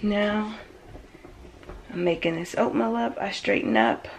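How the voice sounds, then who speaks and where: A woman whispering her casual, rambling morning vlog in a dark home kitchen, phone camera held close. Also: medium pitch, sing-song, measured pace, slight background noise, rough recording. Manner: whispering softly so the kids sleep; chatty, rambling, self-conscious. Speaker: vlogger, mother of four.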